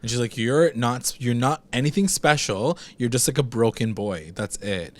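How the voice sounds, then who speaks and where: A man's voice: mid-range voice, moderate pace. A man co-hosting a TV recap, chatting casually, swearing a lot and acting out the characters' lines. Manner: animated, swears a lot, acts out character quotes. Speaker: recap show co-host.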